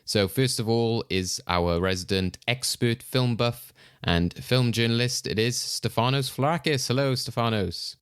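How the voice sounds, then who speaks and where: A man's voice: mid-range voice, measured pace, clean tone, no room sound, studio quality. A man hosting a casual podcast chat, loose and chatty, chuckling often. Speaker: podcast host.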